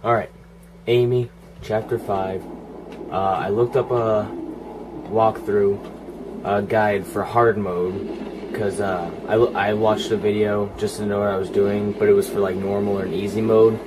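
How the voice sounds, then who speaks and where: A man's voice: lowish voice, flat delivery, a little slow, background noise. A man giving casual, profane running commentary while playing a video game, grumbling and joking at it. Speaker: gaming channel host.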